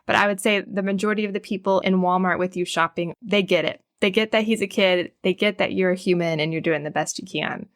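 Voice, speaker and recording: A woman, a child psychologist speaking as a podcast guest, calm and reassuring as she explains. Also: fairly low pitch, a little fast, few pauses, no room sound, clean studio sound. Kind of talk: podcast interview.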